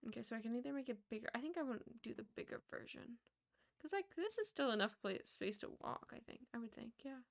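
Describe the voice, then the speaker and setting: A woman's voice: a little high, animated, fast, gravelly. A young woman in her twenties streaming a building game, chatting casually and muttering counts under her breath.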